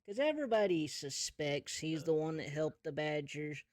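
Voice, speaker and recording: A man's voice: a little high, expressive, moderate pace, dry recording. A man narrating a tabletop role-play as game master, telling the story casually with asides to the players.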